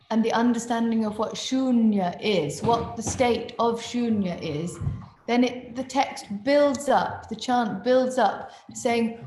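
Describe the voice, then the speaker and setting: A woman's voice: fairly high pitch, a little mellow, reverberant, slight background noise. A woman teaching Sanskrit chanting over a video call, explaining each phrase and then chanting or singing it. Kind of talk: online chant rehearsal teaching.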